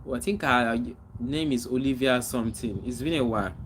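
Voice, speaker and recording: Male streamer, casual chat with viewers, mid-range voice, faint background noise. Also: medium pitch. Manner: reads out viewer comments and greets them by name; animated greetings, then slower reflective talk. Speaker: livestream host.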